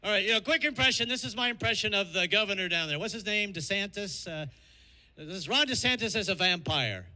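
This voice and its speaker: An older Southern man with a high, sharp voice works through a brisk, animated stand-up set on a comedy club stage. His punchlines are wry and self-mocking, and he slips into many character voices. The live recording picks up plenty of club noise.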